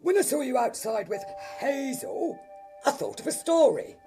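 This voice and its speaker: A woman voicing an eager, friendly puppet character who talks quickly in a children's TV show. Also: sits high, expressive, dark tone, faint music behind.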